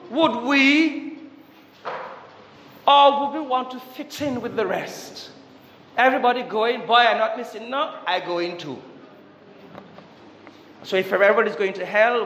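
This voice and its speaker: A man delivers an impassioned Catholic sermon in a high voice, firing rhetorical questions and swinging between loud urgency and hushed tones. The recording is roomy, with a long church reverb trailing each phrase and faint ambience underneath. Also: a little hiss or hum. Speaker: Catholic priest.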